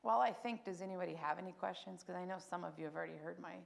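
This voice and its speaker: Woman giving a spoken testimony, emotional storytelling with a touch of vocal fry. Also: lowish voice, racing. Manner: emotional, animated storytelling with acted quotes. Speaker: testimony speaker at church.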